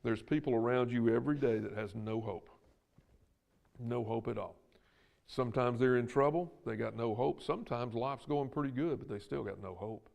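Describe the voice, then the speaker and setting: A Southern man leads a Bible lesson in a church classroom, his voice rough and gravelly at mid pitch. He talks in a folksy, plainspoken way and acts out the lines he quotes. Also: moderate pace, darkish tone. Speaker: Sunday school teacher.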